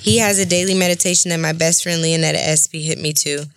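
A woman co-hosting a podcast in casual chat, teasing and quick in back-and-forth banter. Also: sits low, fairly even intonation, smooth, dry recording. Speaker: podcast co-host.

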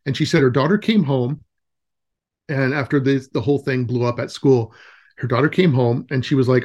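A man's voice: mid-range voice, brisk. A man in his forties, a nature camp director, telling stories as a guest in a casual interview, with lots of fillers and restarts. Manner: rambling storytelling with many fillers and restarts.

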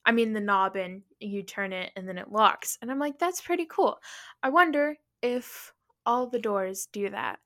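A young woman co-hosts a casual podcast and tells a story about her own mishap. Her voice is bright and clear. She acts out her panicked lines as she goes. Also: medium pitch, moderate pace. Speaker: podcast co-host.

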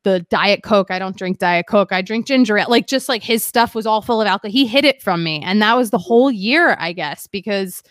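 A woman's voice: medium pitch, brisk, hardly any pauses, no room sound. A young woman candidly telling a painful personal story as a guest, rambling with lots of "like" and shifting emotion. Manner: rambling, heavy use of "like", emotional.

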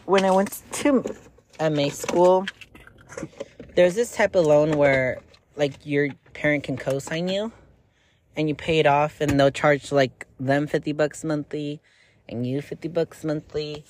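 A young woman vlogger speaks candidly and bluntly, rambling with lots of filler words in an emotional, confessional way. Her voice is deep and darkish, her pace unhurried, with slight background noise.

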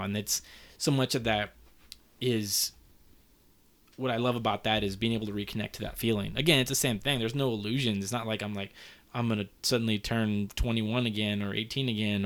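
A man's voice: on the low side, a bit bright. A man in his thirties talking in a casual, heartfelt, rambling way, with lots of fillers and some swearing. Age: 30s. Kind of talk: casual conversation.

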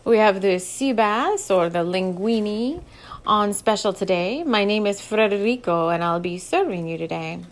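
A woman's voice: mid-range voice, measured pace, natural voice. A woman doing a smarmy Texan male waiter. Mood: smarmy, polite. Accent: Texas. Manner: overly polished, professional.

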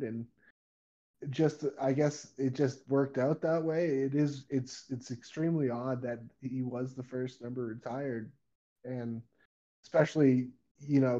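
A man's voice: mid-range voice, warm tone, highs cut off. A man who is a guest on a podcast, chatting casually and rambling with lots of fillers. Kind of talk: casual chat on a call.

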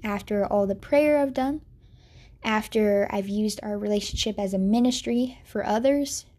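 An earnest young woman shares a personal story of faith and heartbreak. Her voice is mellow and warm, set at a middle pitch. She speaks in a sorrowful, reflective way and now and then sinks to a soft whisper. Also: normal speed. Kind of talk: personal testimony monologue.

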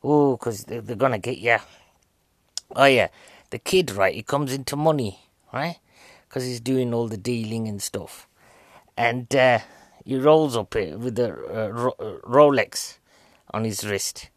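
A man's voice: medium pitch, measured pace, pauses often, dry recording. A man giving a casual, jokey, rambling film review, a bit out of breath.

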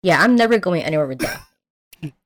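A young adult woman host recapping a movie in casual chat. She talks in an animated, slangy way, with lots of fillers and restarts. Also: lowish voice, moderate pace. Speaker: podcast host.

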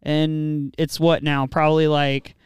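A teasing man co-hosting a shop podcast, his voice very clean and smooth and a touch high. He is recorded close and dry. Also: little pitch movement, slow, no room sound. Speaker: podcast co-host. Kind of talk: casual podcast chat.

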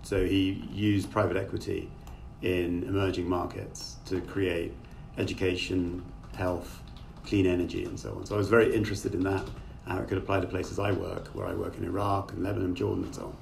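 Over a video call, a middle-aged man who is an author talks as an interview guest, thoughtful and rambling with many fillers. His low voice is gravelly and a little mellow, fairly quick, with little pitch movement, picked up by a distant remote call mic with faint noise.

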